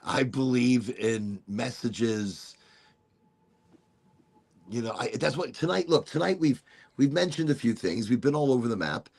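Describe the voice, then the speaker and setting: A middle-aged man hosts a loose, chatty podcast, with a gravelly, husky voice. He rambles through stories and stumbles over restarts and repeated words. His pitch sits mid-range. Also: animated, measured pace, pauses often, a little mellow. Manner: rambling, storytelling with many restarts. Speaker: podcast host. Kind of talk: casual chat.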